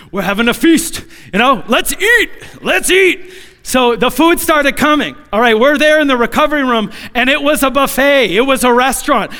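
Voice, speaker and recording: A young man preaching a personal testimony as a sermon, moving from hushed storytelling to shouted, pleading prayer. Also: high voice, in a large hall.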